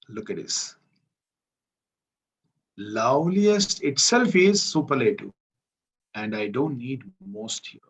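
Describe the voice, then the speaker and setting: A husky, medium-pitched male voice with an Indian English accent runs an English grammar class. He explains through repetition, regularly turning to the students with questions in this classroom lecture.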